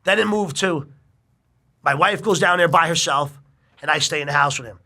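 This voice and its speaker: A middle-aged man telling a long personal story in casual chat, animated and full of swearing. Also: on the high side, normal speed, creaky.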